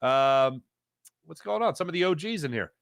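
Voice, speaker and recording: A man hosting a live sports talk show, reading viewer chat in a jokey, animated way and greeting chatters with loud excitement. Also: a little high, normal speed, creaky, clean tone, no echo, clean studio sound.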